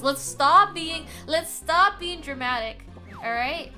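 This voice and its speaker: Young female streamer, playful and dramatic, high animated voice over background music. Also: takes it slowly. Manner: playful, dramatic, giggly, teasing. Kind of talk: casual live-stream chat with viewers.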